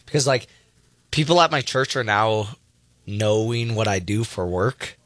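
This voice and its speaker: A young man with a lowish voice co-hosts a radio show, chatting loosely and scattering "like" through his sentences. The recording is close and dry. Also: expressive, a bit bright, dry recording. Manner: chatty, many likes, quick to laugh off. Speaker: radio co-host. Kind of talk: casual radio chat.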